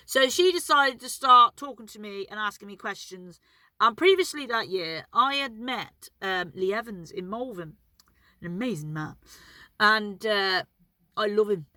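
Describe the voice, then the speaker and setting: Chatty woman, bright voice. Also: mid-range voice, no room sound. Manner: rambling, chatty, swears freely, laughs at herself. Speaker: vlogger telling stories. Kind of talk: casual anecdotal storytelling.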